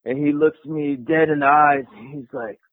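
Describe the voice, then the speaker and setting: A man's voice: a little high, moderate pace, no echo. Profane young man over a phone line. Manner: profane, animated, acts out voices. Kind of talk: casual storytelling. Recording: tinny phone-line radio call.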